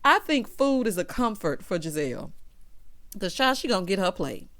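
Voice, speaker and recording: Casting note: woman vlogger, sassy recap commentary, mid-pitched voice, playful asides, quick laughs. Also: sing-song, a bit bright. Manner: sassy, drawling asides of "child" and "honey"; laughs at her own jokes. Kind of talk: casual opinionated commentary.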